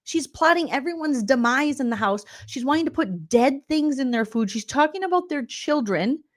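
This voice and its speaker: A woman's voice: sits high, animated, moderate pace. Profane, laughing woman comedy recapper. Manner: loud, profane, laughing and incredulous. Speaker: comedian and reality TV recap host. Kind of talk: comedic reaction rant.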